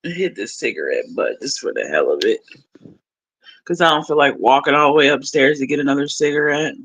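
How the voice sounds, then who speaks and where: Blunt, bright-voiced woman streamer. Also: rumbling low, animated, brisk, husky, poor audio. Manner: blunt, profane, laughs often. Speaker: livestream host. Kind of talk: casual livestream chat.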